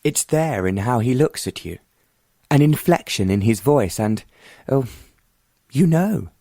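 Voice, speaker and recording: A man voicing a bold, determined young woman who speaks frankly and confidingly, in a mid-pitched voice with little room sound. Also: animated, unhurried, warm tone, no room sound, clean studio sound.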